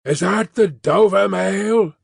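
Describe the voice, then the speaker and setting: Hoarse messenger, voiced by a man, insistent, slow, gravelly. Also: on the high side, big pitch swings, no room sound, studio quality, exaggerated voice. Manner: calling out, insistent. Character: hoarse messenger rider, man, calling from mist.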